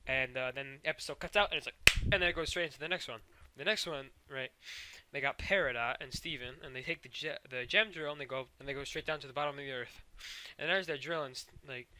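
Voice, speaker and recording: A man's voice: medium pitch, fast talker, sharp tone. A man recapping cartoon episodes in a rambling, profane way, full of fillers and sound effects. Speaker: show recapper.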